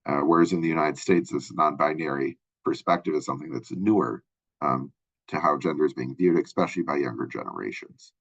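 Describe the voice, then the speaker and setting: A man's voice: extremely low pitch, fairly quick, gravelly, husky, dry recording. A man from Minnesota giving a casual recorded lecture as a college instructor, talking in a loose, rambling way with many fillers and tag questions. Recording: dull lo-fi close recording.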